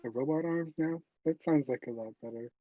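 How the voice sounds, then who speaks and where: A man's voice: on the high side, fairly quick, no echo. A man playing a tabletop game, speaking casually and a little hesitantly. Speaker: player. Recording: dull, muffled lo-fi mic.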